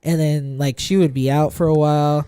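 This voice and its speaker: A man's voice: on the high side, fairly even intonation, normal speed, mellow, clear, resonant tone, dry recording, clean studio sound. A young man telling a long, rambling story in casual podcast chat, swearing constantly. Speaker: podcast co-host.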